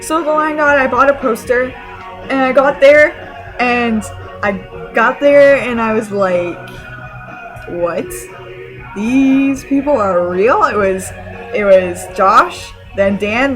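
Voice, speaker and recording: A woman from Canada telling a story to her camera in an excited, rambling way, full of fillers and restarts. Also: a little high, low-quality recording. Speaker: vlogger.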